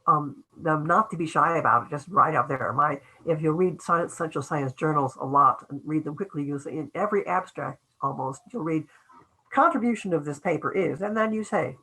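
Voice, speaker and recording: Husky low-voiced older woman lecturing. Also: normal speed, few pauses, bright, forceful tone, low-quality recording. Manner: conversational, rambling with restarts and acted-out quotes. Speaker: academic writing lecturer. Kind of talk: webinar lecture.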